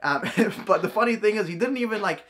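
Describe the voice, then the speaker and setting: A young man with a fairly high voice tells a storytime vlog to a camera indoors. He rambles, trips over his words and stacks up fillers as he goes. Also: animated, a little fast, fairly bright tone. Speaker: vlogger.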